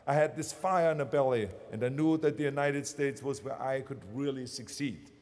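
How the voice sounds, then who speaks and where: A man's voice: medium pitch, fairly even intonation, moderate pace, darkish tone, in a large hall. A man in his sixties with a German accent, giving a motivational commencement speech, emphatic and driving his points home by repeating phrases. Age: 60s. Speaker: commencement speaker. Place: large ceremony venue.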